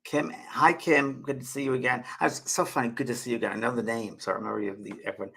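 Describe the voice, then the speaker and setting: Gravelly, husky man chatting loosely. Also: mid-range voice, steady tone, bright, forceful tone, rough recording. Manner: rambling, halting, repeats words. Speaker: host and spiritual medium. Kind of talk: casual live-stream chat answering viewers.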